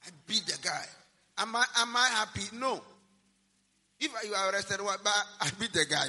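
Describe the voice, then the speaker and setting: A pastor preaches with a very high, sharply bright and slightly husky voice. He swings from hushed asides to shouted emphasis. His words ring out with the long reverb of a big hall. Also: expressive, brisk. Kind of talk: sermon.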